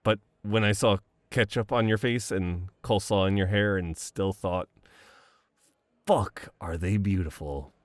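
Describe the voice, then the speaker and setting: A man's voice: on the low side, fairly even intonation, moderate pace, few pauses, clear, resonant tone, no room sound. A young man playing a boyfriend in a romantic voicemail role-play, reminiscing fondly, laughing often and swearing casually.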